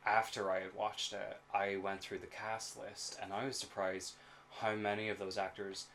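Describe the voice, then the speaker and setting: A chatty Irish man co-hosting a podcast, his voice sitting a little low. He talks loosely, swears casually and laughs often, with a faint hum of room ambience behind him. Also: flat delivery, moderate pace, vocal fry, fairly bright tone. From Ireland. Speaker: podcast co-host. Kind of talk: casual chat.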